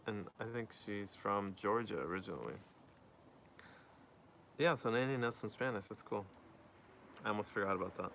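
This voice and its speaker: Chatty streamer man, bright voice. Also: fairly low pitch, normal speed, pauses often, a little hiss or hum. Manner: chatty, reads viewer messages aloud and answers them. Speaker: streamer reading chat. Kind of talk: casual live stream chat.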